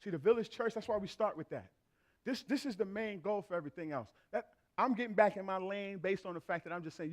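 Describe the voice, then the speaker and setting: High-pitched middle-aged male pastor, lively storytelling preacher in a church. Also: fast talker. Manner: animated storyteller acting out family dialogue. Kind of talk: sermon with comic anecdotes. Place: church sanctuary.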